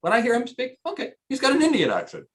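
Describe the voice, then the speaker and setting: A man's voice: extremely high pitch, huge pitch swings, fast, fairly bright tone. Emphatic American man coaching. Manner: emphatic, coaching, repeats key points for punch. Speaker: host and cloud architecture instructor. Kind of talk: live-stream career talk.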